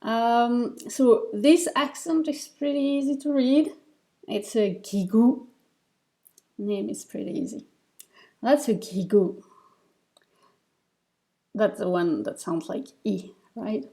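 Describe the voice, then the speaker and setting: Slow, mellow woman teaching patiently. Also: fairly high pitch, vocal fry. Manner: patient, step-by-step explaining with fillers and restarts. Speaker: Tibetan reading teacher. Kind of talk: recorded lesson over slides.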